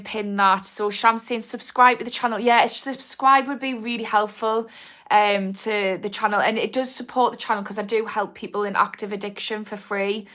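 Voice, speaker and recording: A woman with a North East English accent, working as an addiction recovery coach, chats on a live stream and answers comments, rambling and restarting often. Her voice is medium-pitched and a bit bright.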